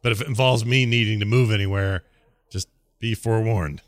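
A man's voice: fairly low pitch, steady tone, brisk, no echo. A man playing a tabletop game in character, hesitant and self-mocking, stumbling over his words. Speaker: player.

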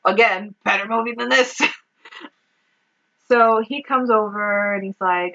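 Woman, podcast co-host, chatty movie recap, bright tone, muffled lo-fi sound. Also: mid-range voice, unhurried. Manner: animated, laughing, heavy use of "like". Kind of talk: casual movie recap chat.

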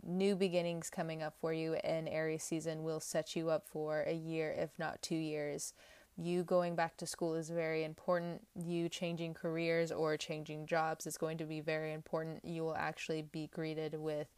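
A woman's voice: low voice, level tone, moderate pace, darkish tone, clean tone, dry recording. A young woman giving a casual tarot reading, talking candidly and with emphasis, often rambling. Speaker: tarot reader.

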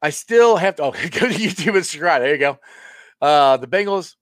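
A man's voice: a little high, normal speed, dry recording, clean studio sound. A man hosting a casual sports talk livestream, talking passionately with lots of restarts and reading viewer comments. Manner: passionate, animated, many restarts.

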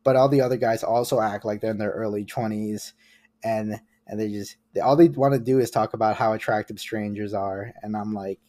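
A man's voice: on the low side, fairly even intonation, brisk, dark tone, no echo, clean studio sound. A man in his late twenties, a comic artist guest in casual podcast chat, rambling and self-mocking and often restarting his sentences. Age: late 20s.

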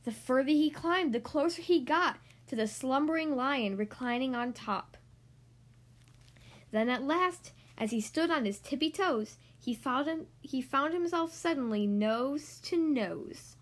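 Woman reading a bedtime picture book to kids, sing-song and high. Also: measured pace. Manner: sing-song, expressive storytelling. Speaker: podcast host reading children's books.

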